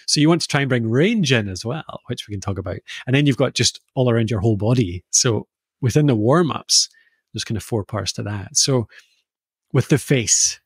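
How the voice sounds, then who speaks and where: A Scottish man co-hosting a podcast, easily explaining voice warm-ups and playfully demonstrating vowel sounds. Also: mid-range voice, fairly quick, slightly rough, dry recording, studio quality. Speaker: podcast co-host explaining voice skills. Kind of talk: casual podcast chat.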